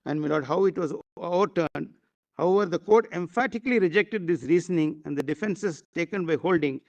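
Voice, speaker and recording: High-voiced Indian advocate addressing the bench. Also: male voice. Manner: addresses the bench as "my lord" constantly, with halting fillers. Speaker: advocate arguing before the court. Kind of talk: formal courtroom argument. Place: courtroom.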